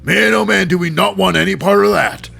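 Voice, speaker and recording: A man's voice: high voice, a little fast, vocal fry, sharp tone, faint music behind, voice pushed up, heavily acted. A man putting on a drawling, emphatic voice for a wrestler who refuses to get involved. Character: two laid-back wrestler brothers, backing off.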